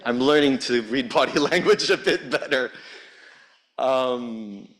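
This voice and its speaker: A man speaking as a rapporteur at a conference, heartfelt and impassioned, with pauses between phrases. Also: mid-range voice, a bit bright. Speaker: UN special rapporteur giving a speech. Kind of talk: earnest public speech. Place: conference hall.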